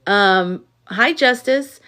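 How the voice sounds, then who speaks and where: An exhausted woman venting on a casual livestream, frustrated and weary, pausing to thank viewers by name. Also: mid-range voice, bright, forceful tone, clean tone. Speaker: live streamer.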